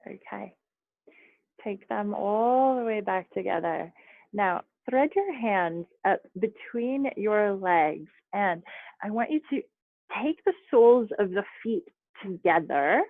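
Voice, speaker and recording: A woman teaching yoga over a video call, guiding each pose with calm, chatty cues and small asides. Her voice sits at an ordinary middle pitch. The sound is narrow and phone-like, with a dry, close feel. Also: slow, gravelly, no echo. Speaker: yoga instructor.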